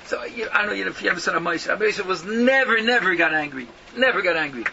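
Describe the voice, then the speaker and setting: This rabbi's voice is a little high and creaky, and he speaks quickly in an emphatic yeshiva-style Torah talk. He peppers it with rhetorical questions and Yiddish and Hebrew words, captured on a muffled lo-fi recording with clear background noise.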